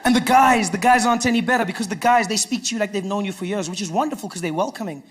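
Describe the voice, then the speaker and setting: A man with a South African accent doing stand-up comedy, telling stories with animated delivery. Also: sits high, very fast. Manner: animated storytelling, acting out characters.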